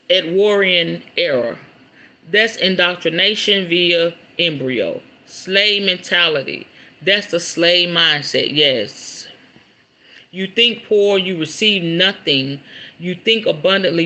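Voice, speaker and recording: A man hosting a casual spiritual talk, animated and conversational, reading viewer comments aloud. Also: high-pitched, poor audio. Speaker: host.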